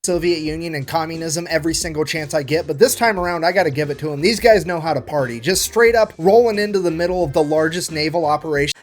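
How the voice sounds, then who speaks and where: A man's voice: fairly high pitch, fast, few pauses. A man narrating a war history video in a comedic storytelling style, casual and joking. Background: faint background music.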